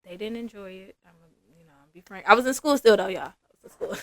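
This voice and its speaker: A woman's voice: mid-range voice, fast talker, fairly bright tone. A woman, a massage therapist guest chatting casually on a podcast and acting out her clients' lines.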